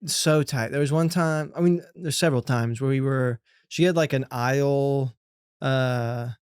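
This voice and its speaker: Smooth-voiced young man, casual podcast chat. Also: medium pitch, a little slow, no room sound, studio quality. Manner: storytelling with laughs, loose swearing. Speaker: podcast host.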